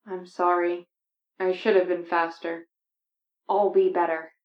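A woman reading a fan story voices a weary, gruff male bounty hunter in a low, subdued way. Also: flat delivery, unhurried, lightly acted. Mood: gentle. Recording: echoey, dull lo-fi sound.

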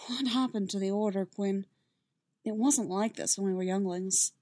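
A tired, bitter male Jedi captain who talks quietly, read by a woman. His lines are subdued and soft. The reading is dry and close. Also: medium pitch, moderate pace, no room sound, natural voice. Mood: weary.

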